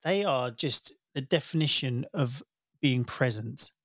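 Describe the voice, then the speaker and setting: A man's voice: medium pitch, animated, unhurried, a bit bright, dry recording, clean studio sound. A man, co-hosting a casual podcast, laughing often and telling stories animatedly. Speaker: podcast co-host. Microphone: podcast microphone.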